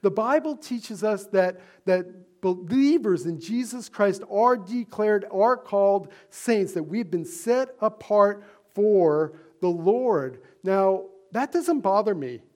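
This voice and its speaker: Earnest and chatty in the pulpit, a male pastor with a strikingly high, animated voice lingers on fillers and tosses rhetorical questions at his listeners. The tone comes across slightly mellow.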